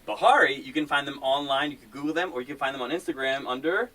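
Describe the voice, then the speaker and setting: Guy hosting a radio interview, talks fast, jokey, a bit far off the mic. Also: mid-range voice, pushed and bright. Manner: fast, upbeat and joking, laughs often. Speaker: radio host. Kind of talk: casual interview. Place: radio station lounge.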